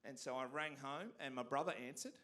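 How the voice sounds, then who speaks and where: An Australian man doing stand-up on a theatre stage, telling stories animatedly and punching up the big lines loudly. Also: mid-range voice, fairly quick. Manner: animated storytelling with sudden loud punchlines. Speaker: stand-up comedian. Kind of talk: stand-up comedy set.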